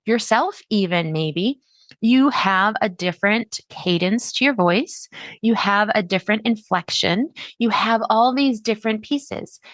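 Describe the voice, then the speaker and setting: A woman hosting a solo podcast, talking in a chatty, animated way with sudden jumps in pitch. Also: no room sound. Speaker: podcast host.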